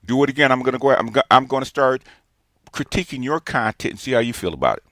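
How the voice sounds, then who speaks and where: A man's voice: medium pitch, lively intonation, fast, a bit bright, no echo, studio quality. Lecturing man in his sixties. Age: 60s. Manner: emphatic, lecturing, repeats himself. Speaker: streamer. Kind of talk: ranting response monologue.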